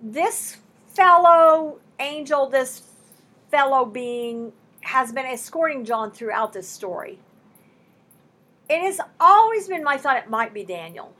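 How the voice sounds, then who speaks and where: Husky, high-voiced woman Bible teacher. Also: lively intonation, a little slow, sharp tone. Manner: impassioned, emphatic, conversational teaching with rising bursts. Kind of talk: sermon.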